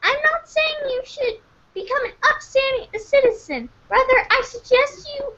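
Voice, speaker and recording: A podcaster voicing a stern elderly woman council elder, lecturing gravely in a live fan reading. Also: very high-pitched, expressive, normal speed, sharp tone, heavily acted. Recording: dull lo-fi podcast audio.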